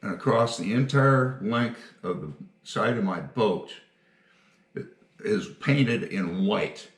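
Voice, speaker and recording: An older retired firefighter telling stories in a casual interview, folksy and quick to laugh. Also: male voice, fairly low pitch, lively intonation, roomy sound.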